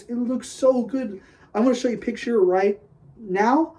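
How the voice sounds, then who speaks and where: Excitable, rambling man, mellow voice. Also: high-pitched, measured pace, low-quality recording. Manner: excitable, rambling, lots of "like" and "dude"; gushing, then griping. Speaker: podcast host. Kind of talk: casual solo podcast rant.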